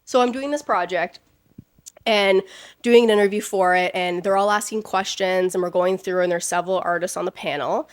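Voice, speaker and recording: A woman's voice: mid-range voice, normal speed, dry recording. A woman co-hosting a casual podcast, talking bluntly and animatedly and swearing freely. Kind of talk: casual chat.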